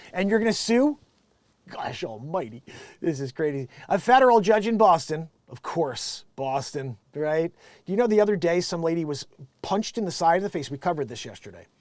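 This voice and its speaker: A man with a high, strained voice rants through the day's news with no script, swearing freely and jumping from loud outbursts to low mutters. His Connecticut-tinged speech sits close to the mic in a dead, dry room. He talks like a daily live host riffing for his regulars. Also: no echo. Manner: loud, emphatic and profane, swings between shouting and muttering. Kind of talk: unscripted ranting commentary on news.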